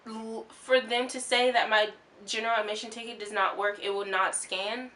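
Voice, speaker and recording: A young woman telling a story to her vlog viewers in a rambling, excitable way, with lots of fillers and restarts. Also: on the high side, moderate pace, slight background noise. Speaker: vlogger.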